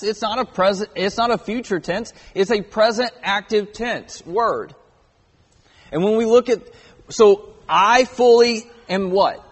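A man in his thirties preaching a sermon in a church auditorium, earnest and stressing key words. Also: sits high. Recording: long hall reverb.

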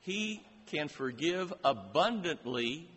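A man preaching a sermon, slow and emphatic, asking many rising rhetorical questions. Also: fairly high pitch, big pitch swings, fairly bright tone, husky. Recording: long reverb of a large hall.

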